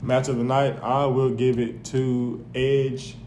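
A man co-hosting a casual comedy wrestling podcast, chiming in with deadpan agreement and mock-solemn plugs for the show. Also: mid-range voice, takes it slowly. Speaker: podcast co-host. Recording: echoey room with faint noise.

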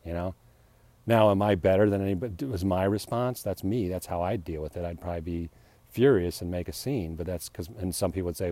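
Deep-voiced man rambling and self-deprecating. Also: a little fast, dark tone, no room sound. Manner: acts out heated retorts, laughs often. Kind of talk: rambling personal reflection.

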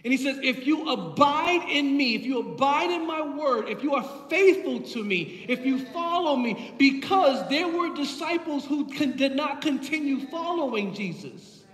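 A man's voice: extremely high pitch, lively intonation, unhurried, a bit bright. A man preaching a sermon as pastor, impassioned and building through repeated phrases, heard in a church sanctuary. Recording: echoey hall from far off.

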